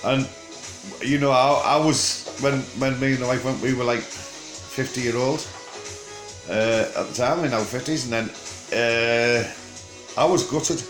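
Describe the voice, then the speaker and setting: An older man with a broad Teesside accent, rambling jokily in casual chat to camera and pausing often on fillers. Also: medium pitch, steady tone, roomy sound, music in the background, poor audio. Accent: Teesside English. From England. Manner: rambling, jokey and chatty, with frequent filler pauses. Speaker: vlogger.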